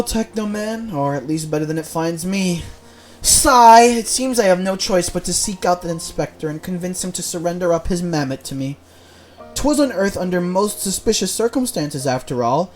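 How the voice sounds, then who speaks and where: A man reading as a stern formal inquisitor. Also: high-pitched. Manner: stiff, archaic formal speech. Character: stern male church inquisitor, formal and grave.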